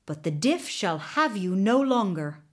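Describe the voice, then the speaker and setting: A woman storyteller voicing a brave, humble young man in a folktale, calm and plain-spoken. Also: mid-range voice, unhurried. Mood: steady.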